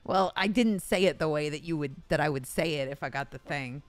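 A woman's voice: low-pitched, a little fast, no room sound, soft background music. A woman hosting a game livestream, chatting casually and commenting on the play between jokes. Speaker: streamer host.

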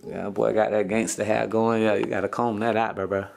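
A man's voice: on the low side, level tone, a little fast, creaky, darkish tone, a little hiss or hum. A man, a father hosting a casual family vlog at home, ribbing his kids with profane jokes and frequent laughs. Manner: teasing, profane, joking banter.

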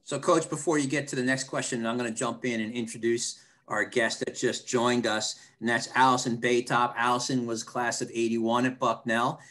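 A man moderating a video call, introducing a guest in a brisk, organizing way. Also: medium pitch, little pitch movement, fairly bright tone.

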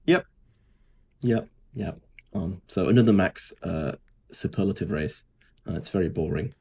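A man's voice: sits low, unhurried, gravelly, a little mellow, breathy edge. A man, co-hosting a podcast in casual, sarcastic chat. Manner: dry, sarcastic, mocking impressions. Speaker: podcast co-host.

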